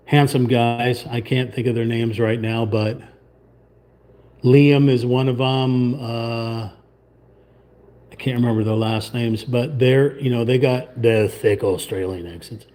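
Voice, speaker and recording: Rambling man with a dark voice. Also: medium pitch, fairly even intonation, measured pace. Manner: rambling, chatty, trails off into muttering. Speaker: livestream host. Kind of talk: casual chat while painting. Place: at a table, painting.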